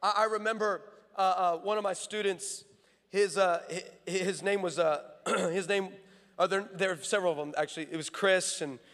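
A male pastor preaching a sermon, telling a story and building to shouted, emphatic preaching. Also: high voice, fairly even intonation, moderate pace. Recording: long hall reverb.

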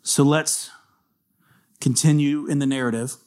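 A male pastor preaching a sermon in a conversational, animated storytelling manner. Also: fairly high pitch, unhurried, clean tone.

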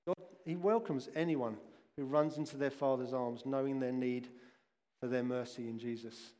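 A man's voice: medium pitch, fairly even intonation, moderate pace, warm tone. A middle-aged man preaching a sermon in a church, chatty and conversational, with asides to his listeners. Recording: long echoing hall reverb.

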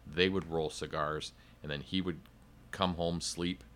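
A man's voice: a bass voice, fairly even intonation, measured pace, fairly bright tone, a little hiss or hum. A man who is a cigar company sales rep, explaining in detail in a playful, casual podcast chat.

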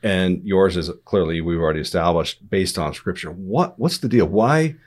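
A man's voice: sits low, animated, moderate pace. A man hosting a podcast, asking wry, teasing questions. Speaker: podcast host. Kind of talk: conversational interview.

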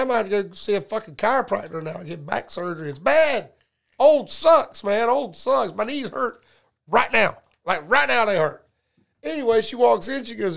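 Middle-aged man, gravelly, high-pitched, profane storyteller, joking podcast co-host. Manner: profane, joking, acts out both sides of conversations. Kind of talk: casual storytelling chat.

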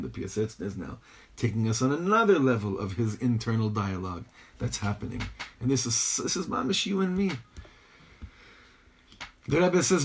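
A man's voice: medium pitch, slightly rough. A man teaching a Torah text, pressing his points with rhetorical questions and mixing Hebrew and Yiddish phrases into his English. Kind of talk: text-based lecture.

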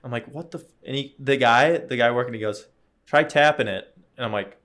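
A man's voice: medium pitch, quick pace. A young man in casual chat, telling stories animatedly and acting out the people in them. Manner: animated storyteller, acts out beeps and quotes.

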